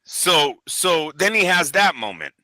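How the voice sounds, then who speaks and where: A man co-hosting a boxing news show in casual, profane chat, animated and acting out quotes. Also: on the high side, measured pace, no echo, rough recording. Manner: animated, swears a lot, acts out quotes.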